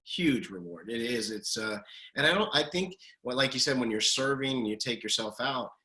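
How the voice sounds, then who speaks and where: A man co-hosting a casual conversation, an animated storyteller who acts out moments from family life. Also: medium pitch, brisk. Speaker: co-host and keynote speaker.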